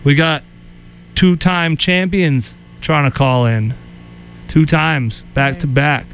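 A man's voice: fairly high pitch, takes it slowly, fairly bright tone, slight background noise. A man hosting a radio show in casual chat, wry and joking, grumbling about things he dislikes.

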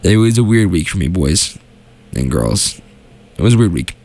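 A young man hosts his own show in a small studio, and his low, gravelly, darkish voice sounds animated at a moderate pace. He chats loosely and rambles, stopping and restarting with lots of filler words.

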